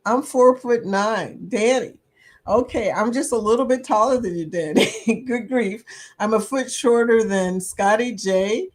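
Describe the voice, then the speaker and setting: A woman's voice: on the high side, unhurried. A woman hosting a casual livestream chat, laughing often and reading viewer comments aloud. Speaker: livestream host.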